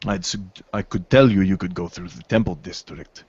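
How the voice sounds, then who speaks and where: A sly, scheming dwarf soldier, as a man puts him on, pausing to grope for words. His voice is a little low and dry, over dull lo-fi audio. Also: steady tone, darkish tone, breathy edge, no room sound.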